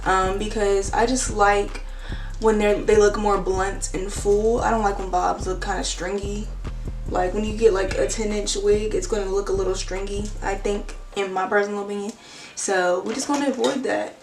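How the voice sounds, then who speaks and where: A woman's voice: medium pitch, fairly even intonation, normal speed, distant mic. Chatty young woman vlogging in an echoey room. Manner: chatty, filler-heavy, slangy. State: out of breath. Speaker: beauty vlogger. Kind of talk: casual hair tutorial chat. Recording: roomy echo, mic set back, faint music.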